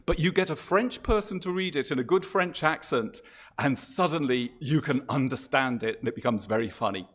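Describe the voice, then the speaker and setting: A man's voice: mid-range voice, moderate pace, a bit bright. A man hosting a live-streamed church event, talking in a chatty, hesitant way with frequent restarts. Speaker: host. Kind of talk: casual live-stream introduction.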